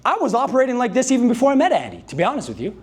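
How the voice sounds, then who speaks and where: High-voiced hype man coaching a sales crowd. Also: rapid-fire. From Canada. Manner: energetic, hype-driven, calls on the audience to answer and repeat. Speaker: sales trainer. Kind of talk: motivational speech to a live sales team. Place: dealership meeting room with a live audience.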